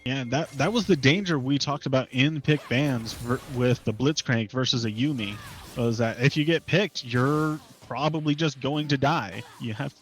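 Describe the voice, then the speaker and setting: A man's voice: mid-range voice, normal speed, low-quality recording. Guy doing color commentary on a match, casual and chatty, faint music behind him. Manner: conversational analysis with light laughs and filler. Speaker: esports caster.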